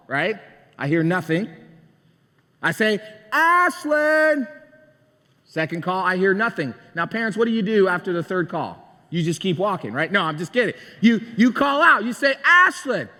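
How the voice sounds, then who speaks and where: Bright-voiced pastor preaching in a hall. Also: male voice, high voice. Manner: storytelling, conversational, asks the congregation. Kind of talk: sermon. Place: church sanctuary.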